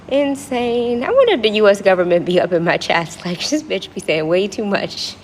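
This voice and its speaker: A woman's voice: mid-range voice, measured pace, a little hiss or hum. A woman from Washington, D.C. with a D.C. accent, rambling and joking with viewers in a casual livestream chat. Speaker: livestream host. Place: apartment lobby.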